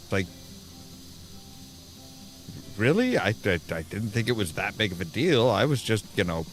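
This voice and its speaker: A man's voice: on the low side, animated, brisk, faint music behind. A man casually commenting while playing a game, rambling and restarting his sentences often. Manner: rambling, self-interrupting, frequent restarts. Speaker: gameplay video host.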